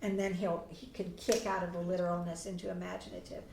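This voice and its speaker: A woman's voice: lowish voice, flat delivery, fast, vocal fry, background noise. A woman teaching a parenting class, coaching parents and acting out short sample talks with a child. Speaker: parenting instructor. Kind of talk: parenting class, answering questions. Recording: echoey room, mic at a distance.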